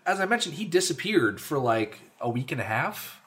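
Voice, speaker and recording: A man's voice: on the high side, moderate pace. A man in casual podcast chat, talking eagerly and explaining details. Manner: lively, explains game details.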